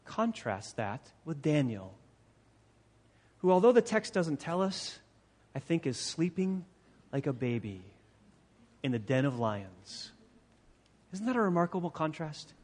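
Male pastor, fairly high voice, emphatic sermon delivery with repeated phrases, long hall reverb. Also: very animated, a little slow, long pauses, darkish tone, husky. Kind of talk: expository sermon.

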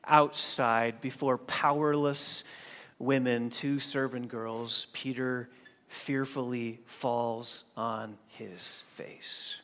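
Guy preaching a sermon, goes quiet then loud, middle pitch, echoey church hall. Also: little pitch movement. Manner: dramatic swings from hushed to loud, emphatic pauses. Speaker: pastor.

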